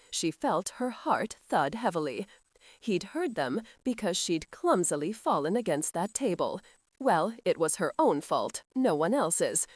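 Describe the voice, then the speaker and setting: A woman narrating a historical romance audiobook in an expressive reading style. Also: on the low side, dry recording, studio quality. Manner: lively, character-voicing reading.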